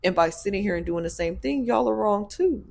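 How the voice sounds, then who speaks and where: Gravelly-voiced blunt woman host. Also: medium pitch, animated, brisk, a little mellow. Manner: blunt, preachy, laughs often. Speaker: podcast host and spiritual practitioner. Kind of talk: casual chat.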